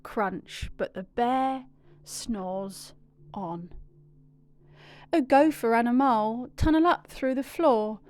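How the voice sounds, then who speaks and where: A woman reads a children's storybook in a high, clear voice with an unhurried, sing-song rhythm. The sound is dry and close, with no room around it. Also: a little mellow, no echo. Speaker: storybook reader.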